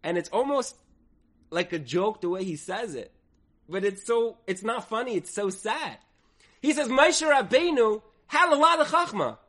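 A man teaches a Torah lesson in a fairly high voice. He tells the story with drama, acting out the quoted lines, and his volume rises and falls as he goes. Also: lively intonation, normal speed. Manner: dramatic storyteller, acts out quoted speech with swings in loudness.

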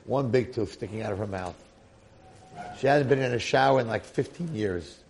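A man giving a Torah lecture who tells a story in an animated, colloquial way. His voice is gravelly, with a middle pitch. He keeps checking in with his listeners as he goes. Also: normal speed, slight background noise.

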